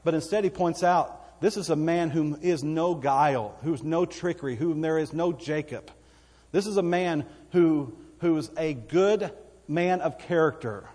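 A man's voice: a little high, measured pace, a little mellow, slightly rough. A man with a Texan accent preaching a sermon as pastor, folksy and conversational, asking the congregation for amens. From Texas. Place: church sanctuary. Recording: long church hall reverb.

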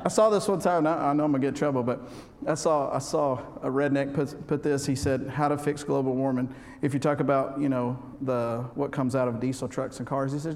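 A man preaching a humorous sermon, folksy and joking, swinging between loud and soft. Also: medium pitch, brisk. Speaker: pastor. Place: church sanctuary. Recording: reverberant hall with faint background noise.

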